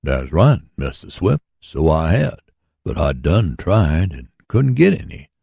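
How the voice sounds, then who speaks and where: A folksy, rambling older workman speaks in a deep, gravelly voice, as a man reads him aloud. He sounds earnest and plain-spoken, with a husky edge. It is a storybook reading in a dry, close recording. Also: big pitch swings, measured pace, dark tone, no room sound, full character voice. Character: hard-working older man running a mule sawmill.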